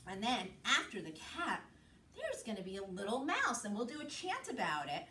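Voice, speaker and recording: A woman's voice: a little high, wildly swooping pitch, normal speed, pushed and bright, reverberant, far from the mic, a little hiss or hum. A woman leading a children's yoga class in a playful, sing-song way, making animal sounds as she goes. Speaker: kids' yoga teacher.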